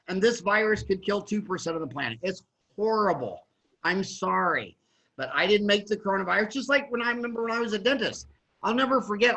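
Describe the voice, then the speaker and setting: A man's voice: high-pitched, fairly bright tone, rough recording. A middle-aged man from the USA, a dentist hosting a panel over a video call, talking in a blunt, rambling, emphatic way with many restarts. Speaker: dentist and podcast host. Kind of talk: opinionated panel discussion.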